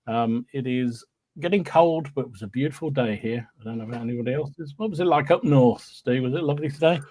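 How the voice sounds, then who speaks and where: A man's voice: mid-range voice, fast, warm tone. A man hosting a podcast, cheerfully reading out live chat greetings with frequent ums and restarts. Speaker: podcast host.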